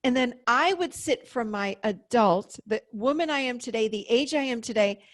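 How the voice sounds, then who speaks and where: A woman in her fifties, a therapist, explaining in an animated way during an interview. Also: on the high side, moderate pace, no room sound, clean studio sound. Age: 50s. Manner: animated, explaining with acted-out inner voices. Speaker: therapist and podcast guest. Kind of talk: interview conversation.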